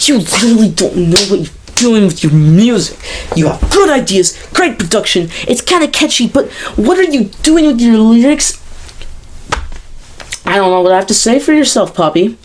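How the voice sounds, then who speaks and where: A woman giving a music album review as an animated, exasperated rant, speaking close to the camera. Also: on the high side, normal speed, a little hiss or hum.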